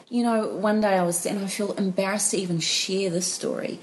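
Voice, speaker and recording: A woman, telling stories in an animated, laughing way as a guest in a casual chat. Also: mid-range voice, fairly quick, few pauses, a little hiss or hum, poor audio. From New Zealand. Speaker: podcast guest.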